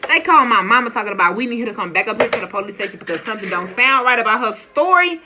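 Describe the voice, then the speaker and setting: A young woman telling a story in a casual, animated and slangy way, often laughing. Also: a little high, rapid-fire, background noise. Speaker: vlogger.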